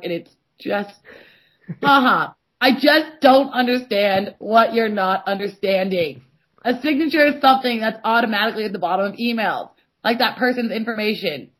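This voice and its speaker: A woman's voice: on the high side, a bit bright. A woman co-hosting a podcast, telling an exasperated, sweary story in casual chat and mimicking the other person's replies. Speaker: podcast co-host.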